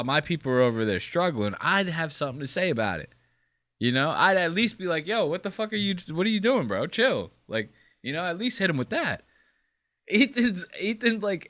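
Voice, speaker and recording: Male podcast co-host, lively swearing rants, bright edgy tone, dry close mic. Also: a little high, dry recording. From Puerto Rican. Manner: animated, swearing, ranting with mock quotes. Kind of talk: casual podcast chat.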